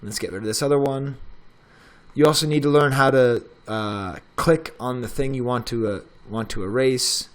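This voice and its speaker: A middle-aged man, a professor, walking through a software tutorial in a casual, chatty way as he clicks through the steps. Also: mid-range voice, normal speed. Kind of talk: screen-recorded tech tutorial.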